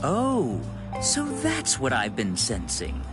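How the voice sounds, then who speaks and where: A vain, flamboyant soldier. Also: male voice, mid-range voice, huge pitch swings, slow, over loud music. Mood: preening. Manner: preening, cheerful. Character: vain, flamboyant young male soldier, gleeful.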